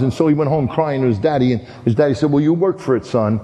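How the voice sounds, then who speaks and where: A man preaching a sermon, telling a story in an animated way with many repeated "and, and" starts. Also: mid-range voice, fast, hardly any pauses, in a large hall.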